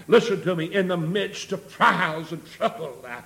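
A man preaching a sermon, building rhythmically into shouts with many amens and a habitual "uh" before phrases. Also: sits high, normal speed, gravelly.

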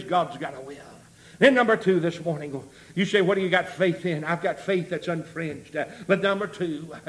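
A high-pitched preacher delivers a sermon, his rhythm building until he's shouting. He says "amen" many times and habitually puts an "uh" before his phrases.

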